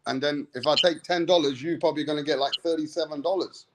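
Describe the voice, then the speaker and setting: A man's voice: a little high, steady tone, quick pace, slight background noise. A man hosting a casual boxing chat, talking loosely and rambling. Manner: loose, rambling, swears freely, mimics others. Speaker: host of a boxing talk stream.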